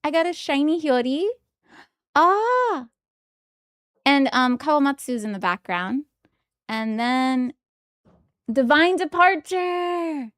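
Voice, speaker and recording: A young woman streaming from home, chatting casually and giggling excitedly as she opens trading cards. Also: high-pitched, a little slow, dry recording, clean studio sound. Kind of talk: casual live-stream chat while opening trading cards.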